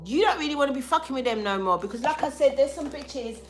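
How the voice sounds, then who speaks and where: A young woman giving a live tarot reading to viewers, loud, profane and animated, with a sore throat. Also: high-pitched, fast, soft background music. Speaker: tarot reader.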